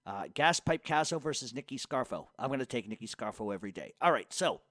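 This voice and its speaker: A middle-aged man spins stories and answers questions in loose, cussing talk, laughing as he goes. His pitch leaps up and down as he tells it. The sound is close and dry, with no room around him. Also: quick pace, no echo. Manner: profane, laughs often, animated storyteller. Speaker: podcast host. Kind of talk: casual storytelling and Q&A.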